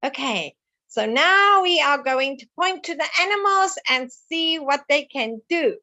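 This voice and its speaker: A woman's voice: sits high, expressive, measured pace, bright, forceful tone. A woman teaching a lesson to young children, sing-song and coaxing, asking them questions as she goes.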